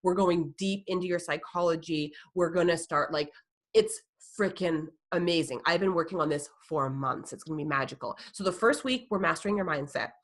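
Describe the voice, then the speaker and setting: A woman life coach hosting a live webinar, gushing and excitable, full of fillers and "like". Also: fairly low pitch, a little fast.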